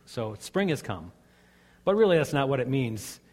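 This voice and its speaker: A man's voice: mid-range voice, very animated, moderate pace, darkish tone. A man preaching a sermon as a pastor, earnest and conversational, telling stories to his congregation. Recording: long hall reverb.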